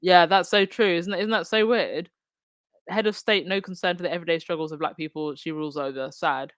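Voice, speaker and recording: Chatty Essex woman, low voice. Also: fairly even intonation, a little fast, no echo, clean studio sound. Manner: chatty, reading out comments and articles; frequent restarts and fillers. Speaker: commentary channel host. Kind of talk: casual livestream commentary.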